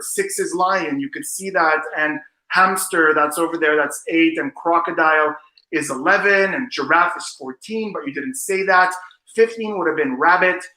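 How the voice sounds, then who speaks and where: A man's voice: fairly high pitch, sharp tone, reverberant, rough recording. A man performing as a mentalist, showy and teasing, talking straight to the audience. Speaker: mentalist guest. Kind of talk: magic performance patter.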